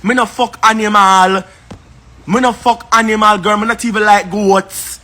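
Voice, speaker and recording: High-voiced Jamaican man ranting. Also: steady tone, moderate pace, pushed and bright. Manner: confrontational, repetitive, scornful. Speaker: live streamer. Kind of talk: heated live-stream rant.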